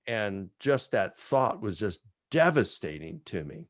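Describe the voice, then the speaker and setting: A man's voice: lowish voice, sing-song, a little slow, no echo. A man, a guest author, reflecting on grief and hope in a Q&A in a heartfelt, reflective way. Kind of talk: personal reflection in a Q&A.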